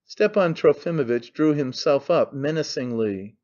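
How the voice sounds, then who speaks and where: A man reading a classic novel aloud as audiobook narrator, in measured storytelling. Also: fairly high pitch, darkish tone, highs cut off.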